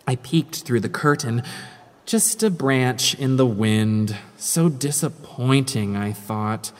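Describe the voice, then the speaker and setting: A woman's voice: extremely low pitch, slow. A woman reading a rhyming spooky story with a dramatic, sing-song delivery. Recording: long hall-like reverb.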